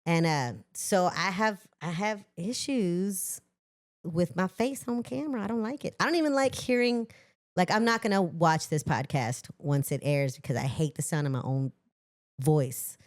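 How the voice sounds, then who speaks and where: A middle-aged woman from Los Angeles talks casually as a podcast guest. Her voice sits on the low side, animated and self-mocking, with frequent laughs. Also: moderate pace.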